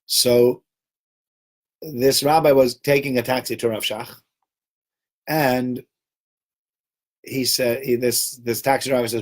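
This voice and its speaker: A rabbi giving a weekly Torah talk, telling a story in an animated way and acting out the characters' voices. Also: male voice, mid-range voice, slow pace, long pauses. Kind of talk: storytelling sermon.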